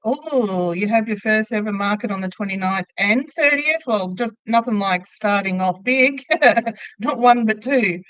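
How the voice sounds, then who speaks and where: A middle-aged woman chats away on a home livestream, laughing often and reading out viewer comments as she crochets. Her voice sits at an ordinary pitch for a woman. The recording is dull and dry, with no room sound. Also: measured pace, a bit bright, no echo. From Australia. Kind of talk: casual live chat while crocheting.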